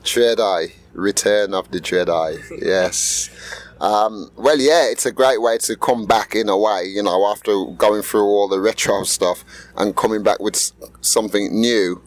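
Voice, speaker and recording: Low-voiced guy in his middle years, easygoing musician chatting, lots of ums. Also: a little slow. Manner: laid-back, rambling storyteller with fillers. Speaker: musician guest. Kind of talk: casual interview.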